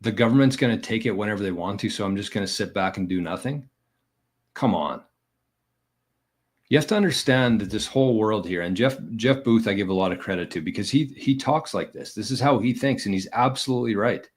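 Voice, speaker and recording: A man's voice: fairly low pitch, a little fast. A man hosting a daily vlog, reading viewer comments and answering them in a blunt, profane, combative way. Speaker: bitcoin vlogger.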